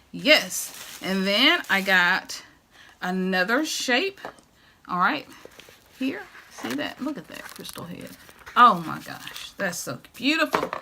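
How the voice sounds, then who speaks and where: A woman's voice: medium pitch, bright, forceful tone, slight background noise. A middle-aged woman, chatting to camera in a home decor vlog, gushing and laughing often. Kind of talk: casual chat to camera.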